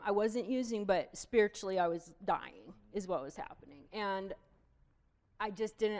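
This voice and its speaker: A woman in a casual chat, openly telling her own recovery moments with small laughs at herself. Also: mid-range voice. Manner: candid, self-deprecating, thinks aloud.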